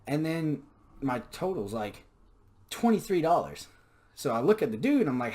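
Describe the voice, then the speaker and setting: A man's voice: on the high side, very animated, moderate pace, long pauses, darkish tone. A young man telling stories in a casual monologue, profane, sarcastic and ranting. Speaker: podcast storyteller.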